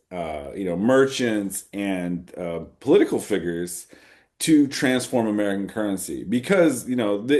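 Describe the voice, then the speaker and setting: Low-voiced man explaining at length. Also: darkish tone. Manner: thinks aloud, repeats phrases for emphasis. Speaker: author answering audience questions. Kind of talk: conversational Q&A at a fireside chat.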